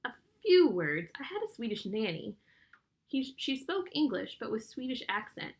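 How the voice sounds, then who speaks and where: A woman voicing a calm, knowing boy teammate, in a measured, explaining manner. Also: a little high.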